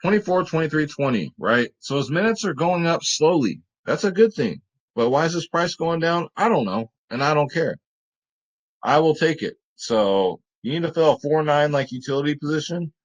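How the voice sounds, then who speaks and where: A man's voice: a little high, expressive, normal speed. Chatty joking man giving sports picks. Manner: chatty and joking, talks to his cat. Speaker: fantasy sports picks host. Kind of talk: casual chat.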